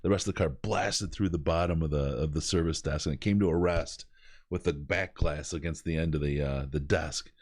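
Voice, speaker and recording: A man hosting a podcast, telling stories in an animated way and laughing as he goes. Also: very deep voice, fairly quick, no echo, clean studio sound. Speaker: podcast host. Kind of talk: casual storytelling.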